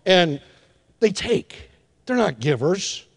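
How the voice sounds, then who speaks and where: An older man preaching a sermon as pastor, animated, acting out little scenes with hushed asides and drawn-out emphasis. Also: high voice, creaky. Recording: long hall reverb.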